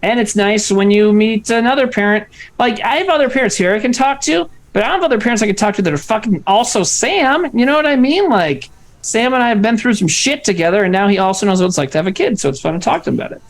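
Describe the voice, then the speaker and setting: A man co-hosting a casual live stream, his voice leaping up and down as he jokes and swears. He talks in an animated, offhand way, heard through a video call. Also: sits high, fast. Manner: animated, profane and joking. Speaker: podcast co-host. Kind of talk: casual livestream chat.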